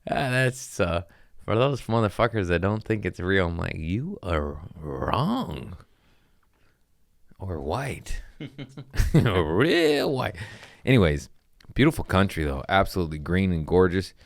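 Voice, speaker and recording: A man's voice: sits low, lively intonation, normal speed, dry recording, studio quality. A young man and comedian telling rambling, profane stories on a casual podcast, saying bro a lot.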